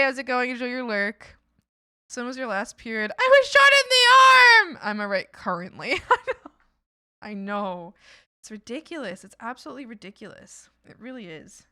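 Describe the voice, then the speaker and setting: A woman's voice: mid-range voice, bright, forceful tone, clean tone, no echo, studio quality. A young woman streamer chatting casually, ranting and sarcastic, laughing often, on a desk mic.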